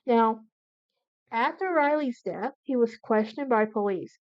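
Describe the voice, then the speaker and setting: A woman's voice: fairly high pitch, expressive, measured pace, no echo. A woman hosting a true crime channel, narrating a case from her notes with frequent restarts and self-corrections. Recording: dull lo-fi, dry recording.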